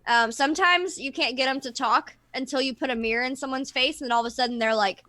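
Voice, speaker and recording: A woman's voice: high voice, fast talker, bright, forceful tone. A woman who works with clients, talking openly and explaining things in casual chat. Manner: open, explanatory, many fillers. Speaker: therapist.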